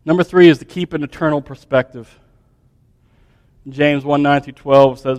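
Animated high-voiced male preacher. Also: moderate pace, pauses often. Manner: animated storytelling preacher, dropping to soft hushed tones. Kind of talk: sermon.

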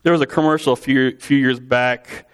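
A man's voice: mid-range voice, fairly even intonation, moderate pace, smooth. A man preaching in a conversational, storytelling way, acting out quotes with vivid voices. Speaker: pastor. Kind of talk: sermon.

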